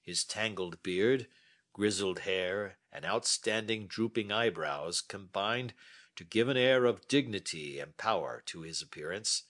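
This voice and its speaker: A man narrating a graded English story in a careful, deliberate reading style. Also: deep voice, a bit bright. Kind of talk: slow scripted story narration for English learners.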